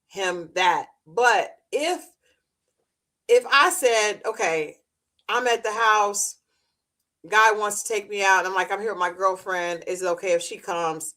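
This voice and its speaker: A woman's voice: mid-range voice, lively intonation, bright, forceful tone. Woman co-host weighing in casually. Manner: reactive, gives opinions in measured phrases. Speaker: podcast co-host. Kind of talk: casual chat.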